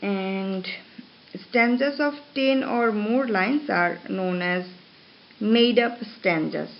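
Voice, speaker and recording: A woman lecturer reading her notes aloud to students in a slow, measured way, pausing between phrases. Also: medium pitch, creaky. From Bangladesh. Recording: dull lo-fi recording with faint hiss.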